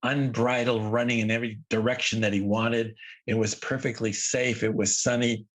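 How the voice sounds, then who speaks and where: Here the emotional man being interviewed has a mid-range, level voice and a normal pace, speaking in a sincere, thoughtful way with repeated words for emphasis. The setting is casual talk at home by a lawn close to the ocean.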